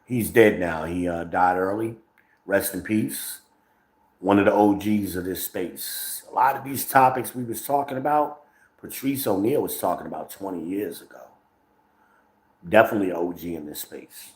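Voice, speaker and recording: Low-voiced man, profane rambling talk. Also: moderate pace. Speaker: streamer host. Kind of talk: casual livestream monologue. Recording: roomy echo.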